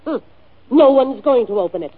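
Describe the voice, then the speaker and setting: An actress playing a stern housekeeper who scolds sharply, in an old film. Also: female voice, high-pitched, lively intonation, normal speed, breathy edge. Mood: scolding. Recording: tinny lo-fi old film soundtrack.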